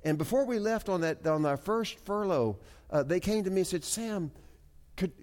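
Pastor guy preaching, slightly high voice, halting restarts then big emphatic lifts. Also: lively intonation. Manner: earnest, halting with frequent restarts, swinging between soft asides and emphatic rises. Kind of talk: sermon storytelling.

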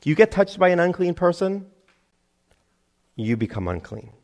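Man, middle-aged pastor, sermon, lively swinging pitch, acts out voices. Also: normal speed. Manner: animated, acts out crowd voices, laughs at himself.

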